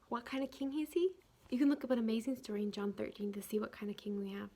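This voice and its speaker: A woman's voice: on the high side, fast, dark tone. A young woman giving an earnest, chatty Bible lesson to children, with fillers and restarts. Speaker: children's ministry teacher.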